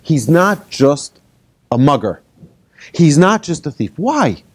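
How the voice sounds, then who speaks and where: A rabbi giving a lively talk to an audience, telling made-up stories and asking the listeners questions. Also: male voice, a little high, takes it slowly. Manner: animated, asks the audience questions, tells hypothetical stories. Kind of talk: lively lecture to a live audience.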